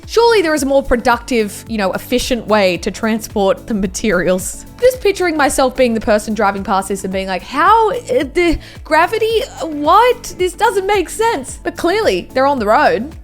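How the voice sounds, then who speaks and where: A high-voiced Australian woman gives a comedic reaction commentary. Her pitch swings widely as she exaggerates and swears casually. Faint music plays underneath. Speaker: YouTube reaction host.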